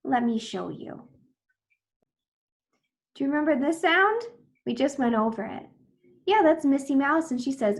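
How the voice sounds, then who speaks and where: A young woman teaching an early reading lesson to children, drawing out phonics sounds and cheering when a word is read. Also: fairly high pitch. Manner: slow, exaggerated phonics sounds with bursts of excited praise.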